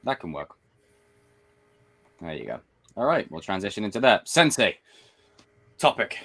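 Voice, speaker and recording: A man hosting a relaxed pop culture podcast, talking with eager, buddy-style energy. His voice sits a little low, and he keeps tossing bro and dude into his chatter. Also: a little slow, breathy edge. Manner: excited, calls others bro and dude. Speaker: podcast host. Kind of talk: casual podcast chat.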